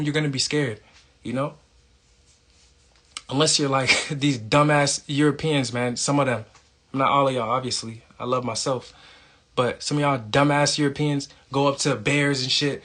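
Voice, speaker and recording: Man, mid-pitched, talks like a street preacher, blunt and profane, keeps checking in with "okay?". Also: a bit bright. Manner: emphatic, profane, repeats "okay?" for emphasis. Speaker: self-styled spiritual speaker. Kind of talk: casual preachy monologue.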